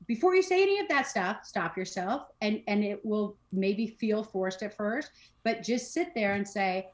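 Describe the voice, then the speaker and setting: A woman's voice: medium pitch, expressive, moderate pace. A woman talking as a podcast guest, casual and emphatic, often repeating phrases and acting out what people say. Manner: emphatic, repeats phrases, acts out quoted speech. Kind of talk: casual conversation on mental health and spirituality.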